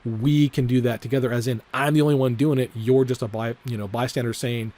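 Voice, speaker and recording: Man, trading vlog commentary, casual, rambling, swears a lot, lots of filler words, repetitive, middle pitch. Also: lively intonation, quick pace, hardly any pauses, darkish tone. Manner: repeats his disclaimers over and over. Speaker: trading vlogger.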